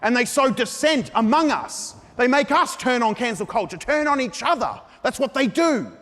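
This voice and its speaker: A man's voice: extremely high pitch, lively intonation, moderate pace, fairly bright tone. A man doing a stand-up comedy set in a mock-earnest, ranting style. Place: large theatre stage. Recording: live hall recording with reverb.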